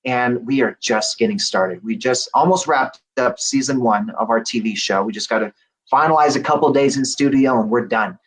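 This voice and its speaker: Man, middle-aged, earnest storyteller, acts out dialogue, medium pitch. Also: moderate pace, a bit bright, rough recording. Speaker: podcast guest. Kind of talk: storytelling testimony.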